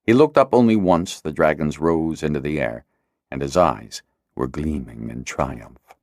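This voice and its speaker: A man reading a fantasy audiobook as narrator, with expressive, dramatic storytelling. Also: very deep voice, unhurried, no room sound, clean studio sound. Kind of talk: scripted narration.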